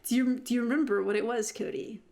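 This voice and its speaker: A woman's voice: fairly high pitch, steady tone, fast talker, warm tone. A woman co-hosting a podcast in casual chat, rambling with fillers and giggling often. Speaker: podcast co-host.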